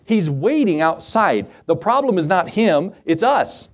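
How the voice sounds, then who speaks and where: Animated male preacher, lively pitch. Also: unhurried. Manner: animated, acts out Bible scenes in voices. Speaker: pastor. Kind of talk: sermon.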